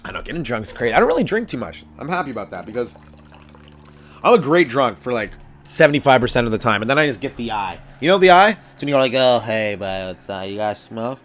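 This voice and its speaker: A man's voice: mid-range voice, sing-song, fast, fairly bright tone, a little hiss or hum. A man, a comedian hosting his own podcast, rambling through profane stories in a casual monologue. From Canada.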